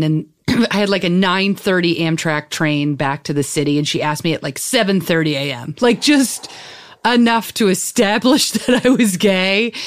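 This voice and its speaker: Chatty woman with a lowish voice. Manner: chatty, animated, full of "like" and "you know". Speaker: podcast guest. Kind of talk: casual personal storytelling.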